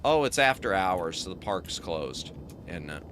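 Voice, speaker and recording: A man's voice: sits low, sing-song, unhurried, fairly bright tone, a little hiss or hum. A man streaming a video game as a VTuber, chatting casually, thinking aloud and thanking his chat.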